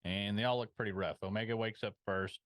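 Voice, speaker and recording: A man with a fairly low voice chats casually on a podcast. He throws in jokey asides and short agreements. The recording is close and dry. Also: steady tone, brisk, a bit bright, no room sound. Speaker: podcast co-host. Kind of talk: casual chat.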